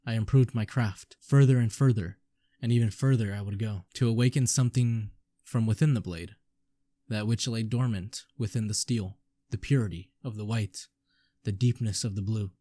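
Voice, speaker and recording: A man voicing an old retired sword sharpener who speaks slowly and regretfully, with a lowish mellow voice. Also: no echo, close to an everyday voice.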